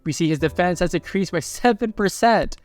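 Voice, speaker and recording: A man's voice: sits high, animated, brisk, soft background music. Chatty man recapping a story. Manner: chatty, playful asides.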